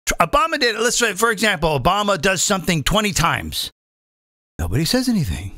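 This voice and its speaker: A middle-aged man, a comedian hosting his own show, delivering an animated, profane, sarcastic comedic rant. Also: sits high, fairly quick, dry recording, clean studio sound. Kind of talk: ranting comedic monologue.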